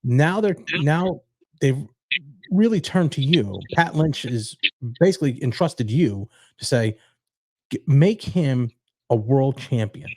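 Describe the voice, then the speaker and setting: A man's voice: medium pitch, animated, slow pace, a little mellow, dry recording. A man hosting an interview, asking long questions with restarts and frequent backtracking. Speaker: interview host.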